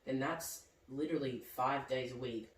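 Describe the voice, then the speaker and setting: Picked up by a far-off mic in an echoey room with faint background noise, this young podcast guest talks at a moderate pace and medium pitch. His casual chat wanders, and "like" turns up constantly.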